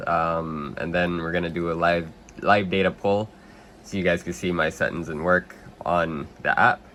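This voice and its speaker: Low-pitched man, slightly hoarse, rambling casual walkthrough, faint room hum behind. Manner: relaxed, rambling with many ums, clears throat. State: under the weather, slightly hoarse. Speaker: RC hobby video host.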